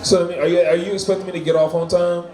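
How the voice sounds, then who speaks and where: A man's voice: high voice, flat delivery, rapid-fire. A man doing a loose, profane stand-up set at an open mic, laughing at his own jokes. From Florida. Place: bar or small venue. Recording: echoey room, crowd heard.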